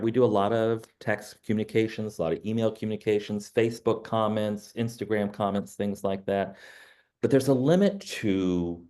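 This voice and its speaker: A man's voice: fairly low pitch, a little mellow. A middle-aged man, a realtor, giving a training talk in a conversational way, filled with "you know" and stories.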